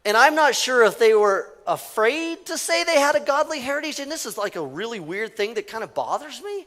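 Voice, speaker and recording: A man's voice: very high voice, very animated, fairly quick, fairly bright tone. A male pastor preaching a conversational sermon in a church, leading the congregation in call-and-response. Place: church sanctuary.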